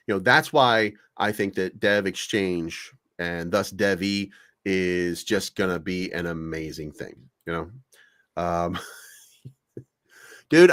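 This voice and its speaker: A man co-hosting a crypto talk show, ranting casually with profanity and mock quotes. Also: fairly low pitch. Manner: animated, swearing, rants with mock quotes. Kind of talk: casual chat. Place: online audio room.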